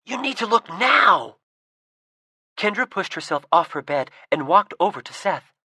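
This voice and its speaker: A woman narrating a fantasy audiobook with a lively, expressive reading. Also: deep voice, no room sound, studio quality. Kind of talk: storybook narration.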